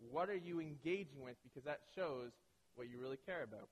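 Man, pastor, sermon, lively storyteller, acts out voices, long hall reverb. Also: medium pitch, fairly quick, slightly rough. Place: large hall with an audience of about a hundred.

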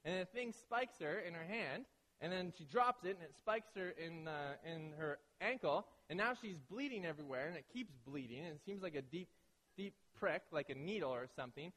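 A man's voice: on the high side, lively intonation, moderate pace, fairly bright tone, in a large hall. A man preaching a sermon in a loose, conversational way, often checking in with "right?" and acting out the voices of people in his stories. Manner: conversational, keeps asking "right?"; acts out quoted voices. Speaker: pastor.

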